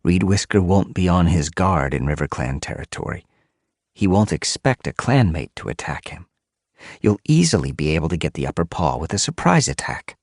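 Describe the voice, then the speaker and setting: Scheming she-cat for an audiobook, cold and calculating, put on by a man with a husky voice. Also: low-pitched, moderate pace, dry recording, studio quality, full character voice. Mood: commanding. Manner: coolly persuasive, calm. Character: scheming female she-cat warrior, cool and icy.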